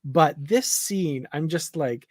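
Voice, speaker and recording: A man co-hosting a live discussion show, chatty and easygoing, laughing often and pausing on fillers. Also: fairly high pitch, a little mellow, no room sound, clean studio sound. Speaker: podcast co-host.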